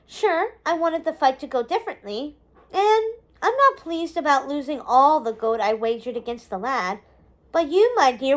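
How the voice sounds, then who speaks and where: A woman's voice: a bit bright, exaggerated voice. A woman voicing a gleeful, mischievous middle-aged witch mother, gushing and giddy as she talks. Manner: gushing, giddy, high-spirited.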